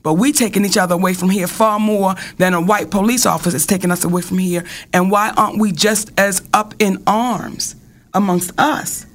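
A man's voice: high-pitched, fairly even intonation, moderate pace, fairly bright tone. A man in a casual discussion, asking pointed, emphatic questions.

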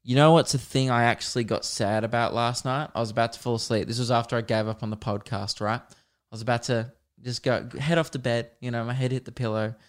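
Young man, casual podcast chat, rambling, swearing, laughs at himself, medium pitch. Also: steady tone, quick pace. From Australia. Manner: rambling, swears often, laughs at his own stories. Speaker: podcast host and comedian.

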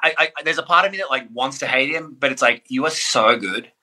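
A man with an Australian accent chatting casually as a podcast guest, animated and rambling. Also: mid-range voice. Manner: animated, rambling, quick asides. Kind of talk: casual chat.

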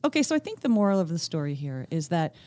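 A woman's voice: on the low side, big pitch swings, quick pace, mellow, no echo. A woman from Northeast Pennsylvania co-hosting a podcast, with playful, joking banter. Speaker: podcast co-host. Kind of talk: casual podcast chat.

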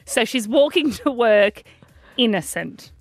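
A woman co-hosting a podcast, telling a story in a dramatic, animated way with frequent laughter. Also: a little high, slow, faint music behind. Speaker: podcast co-host. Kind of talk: casual chat, storytelling.

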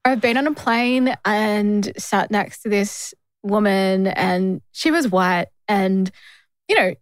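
An Australian woman co-hosting a casual podcast, telling travel stories in a lively way and acting out the people she quotes. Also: slow, dry recording. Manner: animated storyteller, acts out quoted people with rising pitch. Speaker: podcast co-host. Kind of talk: casual conversational podcast chat.

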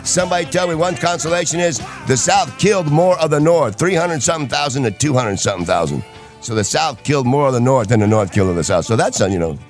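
A man's voice: mid-range voice, animated, quick pace, soft background music. A man from Michigan in casual chat, telling rambling stories with restarts. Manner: rambling storyteller with stops and restarts.

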